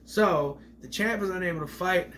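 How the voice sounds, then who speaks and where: A man's voice: high voice, normal speed, a bit bright, a little hiss or hum. Rambling man reviewing a movie.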